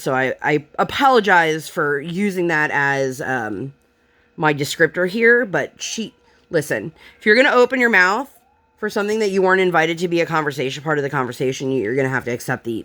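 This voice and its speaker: With a lowish, slightly bright voice, a young woman vents about her day in a Pennsylvania American accent, filling her retelling with frustration and filler words. She's a mother and vlogger, talking casually at her home craft table as she crafts and tells the story.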